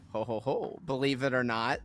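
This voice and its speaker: A man co-hosts a podcast in casual chat, frequently laughing through his sentences with a sarcastic edge. His voice is medium-pitched and a bit bright, with fairly even intonation at a moderate pace.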